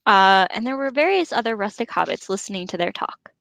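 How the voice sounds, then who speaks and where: A woman's voice: medium pitch, lively intonation, fairly quick, vocal fry, fairly bright tone, no room sound, rough recording. A woman co-hosting a podcast, reading a book aloud and breaking off into giggly, joking chat.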